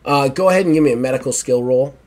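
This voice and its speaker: A man's voice: mid-range voice, fast, darkish tone. A man narrating as game master for a tabletop game in a casual, chuckling way.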